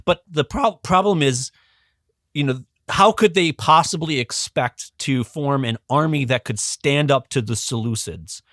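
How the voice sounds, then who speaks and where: A man, a podcast guest and religious educator, telling a history in a casual, animated way, with frequent ums and restarts. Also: mid-range voice, unhurried, dry recording, clean studio sound. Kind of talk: casual storytelling explanation.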